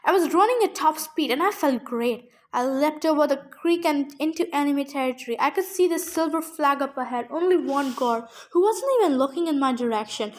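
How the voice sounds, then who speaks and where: A woman reading a first-person novel aloud, expressive and changing her pace with the action. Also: sits high, fairly quick, hardly any pauses. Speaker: audiobook reader.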